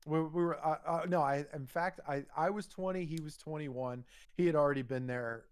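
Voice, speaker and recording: A young man co-hosting a podcast, telling a rambling, profane story and getting animated when he quotes himself. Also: a little high, moderate pace, clear, resonant tone, dry recording. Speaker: podcast co-host. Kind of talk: casual storytelling.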